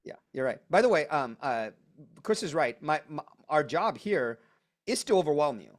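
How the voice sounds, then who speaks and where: A man presenting a live online coaching workshop, emphatic and energetic, driving points home with punchy repetition over a video call. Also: a little high, normal speed.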